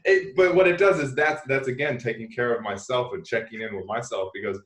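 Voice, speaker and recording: A man hosting a podcast interview, talking in a lively, rambling way with frequent restarts and laughs. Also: medium pitch, fairly quick. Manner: animated, repeats and restarts, laughs often. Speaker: podcast host. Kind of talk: casual interview chat. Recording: echoey room.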